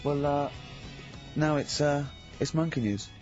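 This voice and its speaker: A man's voice: fairly high pitch, unhurried, a little mellow. Teasing man on a dull radio recording. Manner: teasing, interrupting, incredulous. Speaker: radio host. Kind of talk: casual radio banter. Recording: dull radio broadcast recording with faint music.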